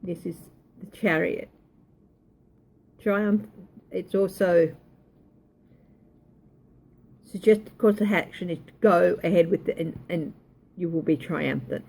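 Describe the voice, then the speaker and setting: A woman's voice: lowish voice, steady tone, takes it slowly, gravelly, pauses often, darkish tone. A woman giving a tarot reading, thinking aloud, hesitant and correcting herself as she goes. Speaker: tarot reader.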